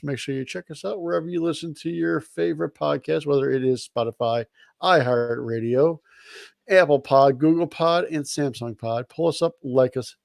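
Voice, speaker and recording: A man co-hosting a podcast, doing an energetic outro plug with a joking tone. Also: a little high, creaky, no room sound, studio quality. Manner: energetic, reads off a list, joking. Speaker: podcast co-host.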